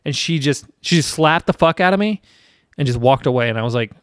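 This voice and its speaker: A man's voice: on the high side, lively intonation, fairly quick, clear, resonant tone, no room sound, studio quality. A man in his thirties from South Carolina, hosting a casual chat and telling a rambling, profane story with self-deprecating laughs.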